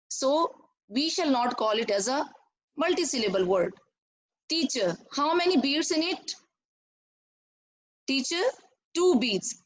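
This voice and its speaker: A woman teaching an online class to young pupils, slowly repeating words and clapping out syllables. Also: high voice, poor audio. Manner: slow, repetitive, clapping out syllables.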